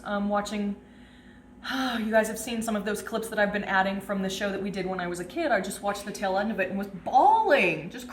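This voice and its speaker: A woman's voice: medium pitch, fairly bright tone, roomy sound, a little hiss or hum. A woman hosting a casual home cooking video, talking as she works and chatting while she eats. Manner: chatty, talks while eating. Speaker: host.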